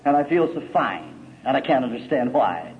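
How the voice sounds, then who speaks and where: A middle-aged man telling his story at a recovery meeting, gritty and folksy, swinging from loud to hushed. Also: medium pitch, big pitch swings, moderate pace, muffled recording.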